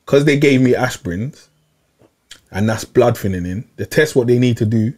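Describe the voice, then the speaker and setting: A man's voice: medium pitch, moderate pace. Young man telling a story. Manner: animated, repeats himself, London slang. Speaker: podcast regular. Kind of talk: casual storytelling chat.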